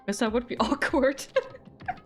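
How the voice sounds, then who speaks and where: A young woman streamer talks casually into her desk mic at home. She giggles, rambles and teases herself, and her voice sits a little high. Faint game music plays in the background. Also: moderate pace. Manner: giggly, rambling, self-deprecating. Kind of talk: casual live-stream chat.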